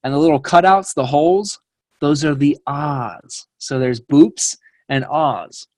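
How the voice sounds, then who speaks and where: A playful grandfather in his later years, as a man puts on a higher, eager voice. He explains with earnest enthusiasm. The sound is dry and close. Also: takes it slowly, a little mellow, no room sound. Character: playful older grandfather, musing over puzzles.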